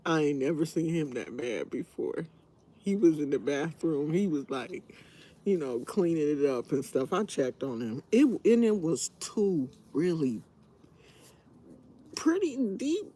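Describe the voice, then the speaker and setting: A woman hosting a live stream, telling a story in a casual, animated way and laughing often. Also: sits low, takes it slowly, slightly rough.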